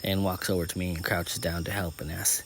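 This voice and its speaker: A man narrating a first-person story in a steady way, with small slips and restarts. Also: deep voice, fairly quick, slight background noise.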